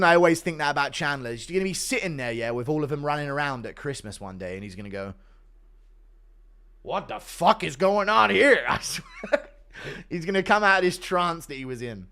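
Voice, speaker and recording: A man hosting a casual livestream, reading donations, laughing and swearing freely. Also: mid-range voice. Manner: profane, laughing, animated. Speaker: livestream host.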